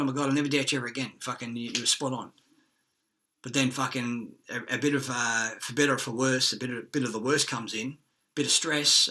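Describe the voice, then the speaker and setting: A man's voice: mid-range voice, sharp tone. A man in a rambling, profane monologue, with many fillers and restarts, acting out quoted lines.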